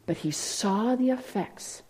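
A woman's voice: medium pitch, lively intonation, slow, a little mellow. A woman teaching from the Bible, reading verses aloud and repeating key phrases for emphasis, asking listeners to repeat after her. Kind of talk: sermon.

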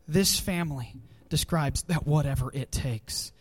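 A man's voice: a little high, unhurried, slightly rough. A youth pastor, a man, giving a heartfelt farewell tribute at a church gathering, choked up with emotion and laughing nervously.

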